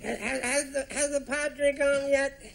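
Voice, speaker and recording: A high, gravelly old man grumbles and curses from his sickbed. He is peevish and fussy about his sweets. The old TV recording has clear audience noise behind him. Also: little pitch movement, takes it slowly, exaggerated voice. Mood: grumbling.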